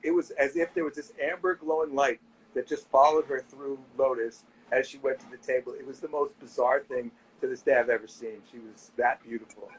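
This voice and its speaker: A middle-aged man in a casual interview, telling animated anecdotes and quoting people as he goes. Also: medium pitch, brisk, slight background noise, low-quality recording. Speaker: nightlife owner and guest.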